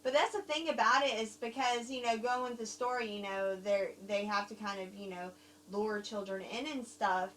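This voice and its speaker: A woman's voice: mid-range voice, normal speed. Rambling woman with a light Southern twang. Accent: light American Southern. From grew up overseas, Germany and Korea. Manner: rambling, animated, laughs often. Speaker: co-host reviewing films. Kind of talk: casual chat review. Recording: distant mic with faint hum.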